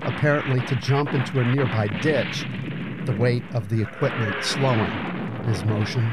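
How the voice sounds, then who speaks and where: A man narrating a story in a measured, grave audiobook reading. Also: medium pitch, heavy background noise. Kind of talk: scripted narration.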